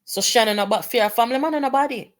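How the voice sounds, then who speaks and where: A woman's voice: on the high side, fast. A woman with a Jamaican accent, delivering impassioned political commentary with indignant, emphatic rhetorical questions.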